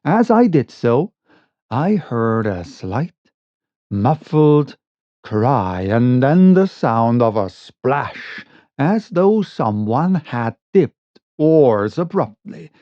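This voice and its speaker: A man reading a spooky short story aloud in a slow, dramatic narration. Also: medium pitch, very animated, no room sound. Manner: slow, dramatic, varied delivery. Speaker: audiobook reader. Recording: dull lo-fi recording.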